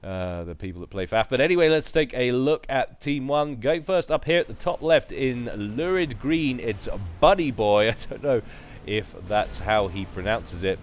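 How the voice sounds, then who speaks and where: A man's voice: medium pitch, slight background noise. A man giving casual, chatty play-by-play commentary on a strategy game, with joking asides. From United Kingdom.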